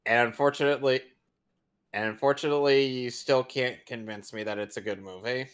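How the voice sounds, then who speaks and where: A man's voice: medium pitch, steady tone, brisk, fairly bright tone, smooth. Blunt, swearing man reviewing a movie. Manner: blunt, opinionated, swears casually. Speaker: podcast co-host. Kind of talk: casual movie review chat.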